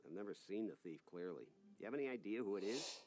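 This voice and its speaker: A gruff, suspicious villager from a video game, low and gravelly. His dark voice swings widely as he grumbles. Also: animated, fast. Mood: wary. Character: gruff, wary man hunting a thief.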